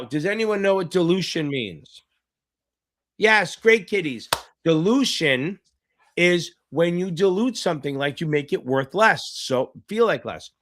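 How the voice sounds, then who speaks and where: A man's voice: on the high side, fairly bright tone. Casual, joking male exam tutor. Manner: casual, joking, swears freely; reads out viewer names, chatty asides. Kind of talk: live online Q&A lesson.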